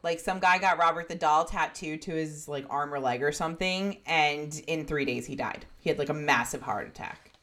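A woman co-hosting a podcast, casually recounting a story with swearing and quick impressions. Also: deep voice, fairly bright tone. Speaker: podcast co-host.

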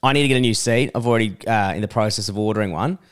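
A man's voice: lowish voice, rapid-fire, clear, resonant tone. A young Australian man co-hosting a podcast, telling stories casually and swearing freely. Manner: swears freely, animated storytelling with impressions. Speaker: podcast co-host. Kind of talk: casual chat.

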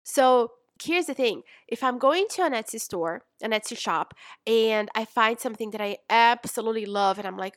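A woman's voice: a little high, moderate pace, no room sound. Chatty woman coach, dry close mic. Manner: chatty, animated, calls listener mama and sis. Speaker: business coach. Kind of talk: casual coaching talk.

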